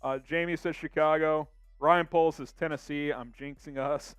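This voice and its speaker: Upbeat young male stream host, slightly high voice, smooth and clean, close dry mic. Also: fairly even intonation, moderate pace, no echo, soft background music. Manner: upbeat, reads viewer comments aloud. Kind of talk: casual live-stream chat.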